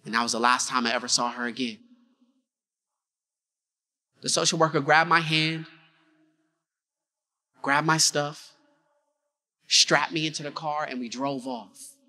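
A male keynote speaker with a high, bright, forceful voice tells his story with dramatic swings and pulls the crowd in with call-and-response. A long reverb from the big conference hall trails his words. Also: measured pace, long pauses.

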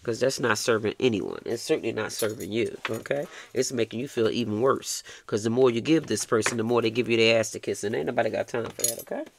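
A man's voice: medium pitch, quick pace, vocal fry, few pauses, a little hiss or hum. A man giving a tarot reading, blunt and coaxing, swearing freely and ending lines with "okay?". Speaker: tarot reader.

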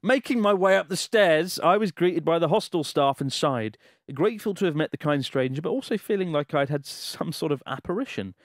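A man's voice: on the high side, animated, brisk, dry recording, studio quality. A man co-hosting a podcast, reading a listener's letter aloud in a casual way, laughing and swearing in disbelief as he goes. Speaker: podcast co-host.

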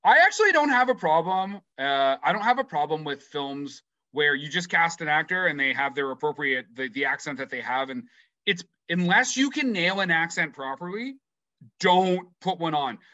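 Bright, slightly high male podcast co-host, playful and profane, dry close recording. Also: moderate pace, no echo, highs cut off. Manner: animated, swearing, playful. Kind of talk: casual chat.

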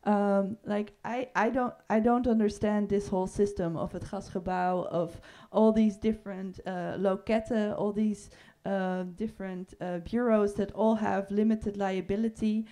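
Woman moderator, warm, mellow tone, hesitant, many fillers. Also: medium pitch, steady tone, unhurried, few pauses. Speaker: panel moderator. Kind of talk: panel introduction. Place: room with audience.

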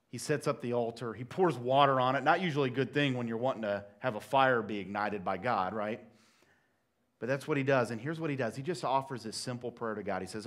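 A man preaching a sermon as pastor, telling a story with lively swings from loud acted-out quotes to quiet, hushed asides. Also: mid-range voice. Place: church sanctuary.

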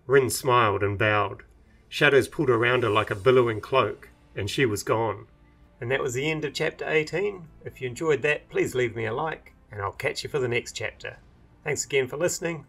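A man reading his own fantasy novel aloud in measured, even audiobook narration. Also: mid-range voice, creaky.

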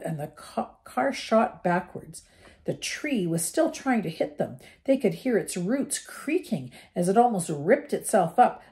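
An older woman reading a novel aloud to her grandchildren, gentle and with the odd slip and restart. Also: fairly low pitch. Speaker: storybook reader for her grandchildren.

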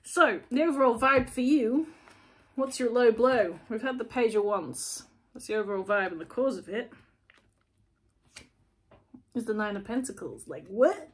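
Chatty, slightly high-pitched woman. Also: measured pace, pauses often. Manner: chatty, blunt and animated, playfully cranky. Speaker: tarot reader, channel host. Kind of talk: casual tarot reading to camera.

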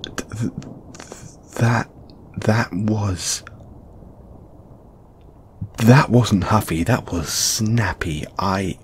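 A man voicing a moody male lamia flatmate, a snake-man, in an audio roleplay, talking in a stammering, halting way. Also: on the low side, a little hiss or hum. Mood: flustered, apologetic. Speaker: voice actor.

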